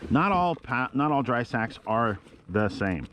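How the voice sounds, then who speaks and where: A man's voice: mid-range voice, very animated, a little slow, a bit bright, slight background noise. A middle-aged man chatting easily from a kayak on a lake, giving tips to viewers on an action camera. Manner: easygoing, chatty, jokey. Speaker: kayak vlogger. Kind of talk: casual outdoor vlog commentary.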